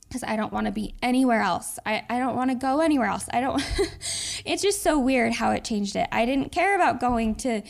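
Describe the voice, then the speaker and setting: Woman cohosting a podcast, earnest and reflective, lots of vocal fry. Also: fairly high pitch, lively intonation, normal speed. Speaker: podcast co-host. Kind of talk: casual heartfelt chat.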